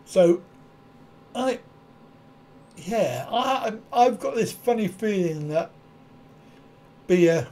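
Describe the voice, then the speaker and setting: A man's voice: high voice, expressive, very slow, long pauses, darkish tone. A middle-aged man hosting a live stream, chatting casually in reply to viewer comments and often chuckling at his own wry, self-mocking asides. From United Kingdom.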